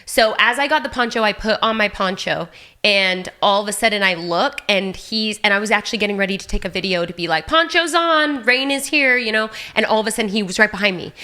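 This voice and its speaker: A woman in her thirties, a guest on a podcast, telling a story in a lively, casual way full of "like.". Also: mid-range voice. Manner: animated, fast, peppered with "like". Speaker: podcast guest, Olympic athlete.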